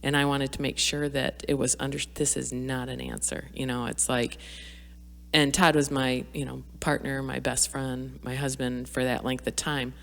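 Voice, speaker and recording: A middle-aged woman with a low voice speaks as a podcast guest. She talks candidly and reflectively, with frequent fillers and restarts. Her voice carries a long reverb, as if recorded in a hall. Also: level tone, normal speed, gravelly. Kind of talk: candid personal conversation.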